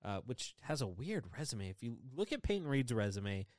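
A man hosting a casual podcast, rattling off news in quick, excitable bursts and laughing a lot. His voice sits at a middle pitch and the recording is dry and close. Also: no room sound. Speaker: podcast host. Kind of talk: casual chat about entertainment news.

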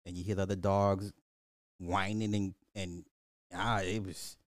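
A man's voice: sits low, unhurried, dry recording, clean studio sound. A middle-aged man hosting a podcast, telling stories in casual chat with frequent laughs and swearing. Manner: animated storytelling, laughs often, swears. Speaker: podcast host.

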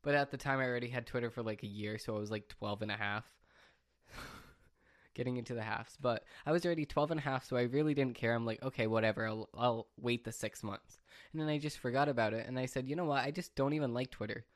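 A man's voice: mid-range voice, fast. A young man talking on his own in a rambling, self-mocking way, often laughing at himself. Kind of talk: casual solo chat.

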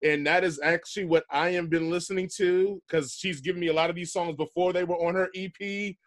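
A man hosting a casual music chat, relaxed and slangy, laughing often. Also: high-pitched, brisk. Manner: laid-back slangy talk, laughs often. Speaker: podcast host.

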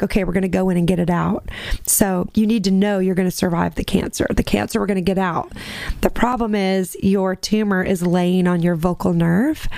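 A woman's voice: medium pitch, creaky, a little mellow, no echo. A woman in her forties, a singer, telling a personal faith story as an interview guest, acting out what people said with laughs. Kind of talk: personal testimony in a podcast interview. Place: lives in Nashville.

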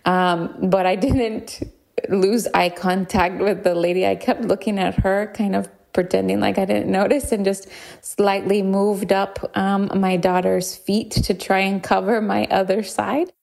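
A woman's voice: medium pitch, flat delivery, a little slow, gravelly, a little mellow. A new mother telling a funny story in a hesitant, amused way. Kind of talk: casual anecdote.

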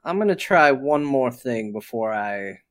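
A man playing a tabletop role-playing game, stating his character's actions in a slow, deliberate way. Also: medium pitch, very animated, no echo. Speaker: player.

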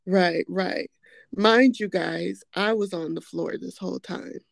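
A young woman hosts a casual podcast chat, speaking slowly and laughing often. She tells stories with playful melodrama. Her voice sounds dry and close. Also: fairly low pitch, vocal fry, dry recording. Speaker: podcast host.

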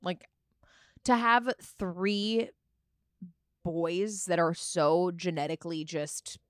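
A woman co-hosting a podcast in casual chat, chatty and enthusiastic with quick asides. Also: lowish voice, steady tone, dry recording, studio quality. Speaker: podcast co-host.

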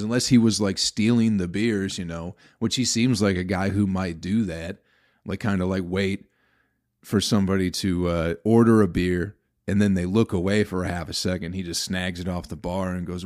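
A man's voice: deep voice, normal speed, darkish tone. A male comedian telling a rambling, profane story in a casual podcast, growing exasperated as he talks.

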